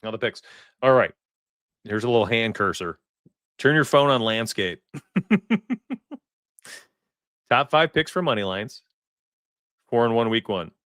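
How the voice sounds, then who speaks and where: Brief: forties male stream host, chatty and excitable, dry close sound. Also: medium pitch, measured pace, long pauses, clean tone, no room sound. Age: 40s. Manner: excitable, chatty, laughs often. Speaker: sports betting livestream host. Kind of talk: casual livestream chat.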